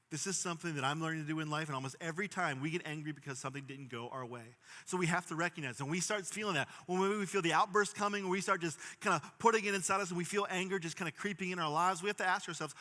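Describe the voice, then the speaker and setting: A young man preaching a sermon as pastor, earnest, swinging from emphatic bursts to quiet, low stretches. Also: fast talker, in a large hall. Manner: earnest, rising to emphatic bursts then dropping soft.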